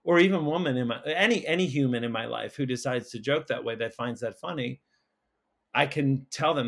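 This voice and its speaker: A school counsellor appears as a guest on a podcast and tells a personal story in casual conversation. He halts often, with many restarts and fillers, and his mid-range voice is gravelly.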